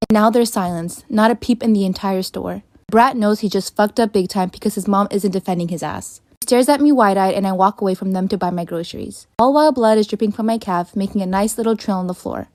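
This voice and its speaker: A woman's voice: medium pitch, brisk, few pauses, warm tone, no room sound. A woman narrates her story in a wry, scripted way, throwing in curses for effect. Her voice sounds close and dry with no room around it.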